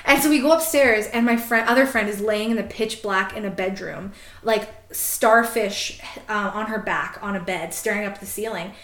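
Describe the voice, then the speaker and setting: A woman on a podcast telling a story in a casual, animated way, swearing freely and laughing often. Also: mid-range voice, moderate pace, roomy sound. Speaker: podcast host.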